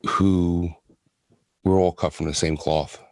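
A man in his thirties telling his own hard story, halting and restarting often. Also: sits low, flat delivery, vocal fry, a little mellow, no echo. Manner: halting, with many restarts and fillers. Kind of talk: personal testimony.

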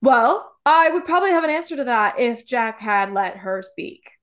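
A woman's voice: fairly high pitch, animated, normal speed, fairly bright tone. A woman co-hosting a TV recap podcast, talking in a heated, emphatic way and swearing casually. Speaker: podcast co-host.

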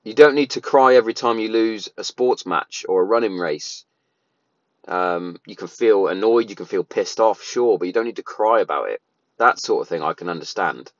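A man's voice: on the low side, moderate pace, no echo, muffled recording. A man, a father giving his views in a loose, rambling monologue full of restarts and fillers. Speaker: parent sharing opinions. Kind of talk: casual monologue.

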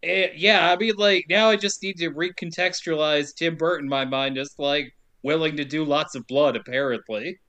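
A man co-hosting a casual podcast, recapping a movie with jokes, swearing and quick silly impressions. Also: a little high, sharp tone, smooth. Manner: jokey, profane, drops into silly impressions. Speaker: podcast co-host.

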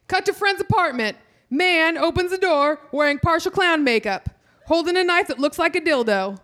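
A woman reading her own raunchy comedy piece aloud on a live theater stage, deadpan, breaking into loud bursts. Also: very high-pitched, moderate pace.

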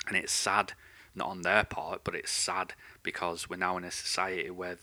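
A man's voice: low-pitched, little pitch movement, moderate pace, sharp tone. A man who hosts a podcast, delivering an unscripted, angry rant full of swearing. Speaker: podcast host. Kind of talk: unscripted ranting monologue.

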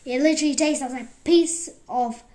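A woman around twenty rambling excitedly in a casual vlog, jumping between loud outbursts and whispers. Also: sits high, moderate pace. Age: about 20. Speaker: vlogger.

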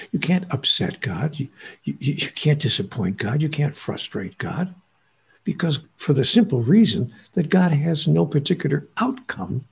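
A man with a very husky, gravelly voice explains spiritual ideas as a guest. He tells stories and hammers his points home with repetition. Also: mid-range voice, a little mellow. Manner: storytelling, emphatic repetition. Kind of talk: lecturing in conversation.

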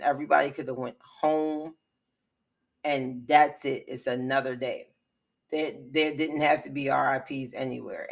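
A woman's voice: a bass voice, vocal fry. A woman vlogger giving frustrated, impassioned commentary on a news story, speaking bluntly and swearing.

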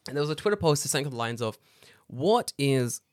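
A man co-hosting a podcast in casual chat, telling stories with lots of swearing and animated rants. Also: medium pitch, fast, no echo, clean studio sound. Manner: animated, swearing ranting storyteller. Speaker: podcast co-host.

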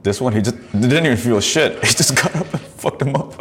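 A man's voice: medium pitch, expressive, brisk, slight background noise. A man hosting a podcast, commenting on videos in a profane, rambling way and laughing often. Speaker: podcast host.

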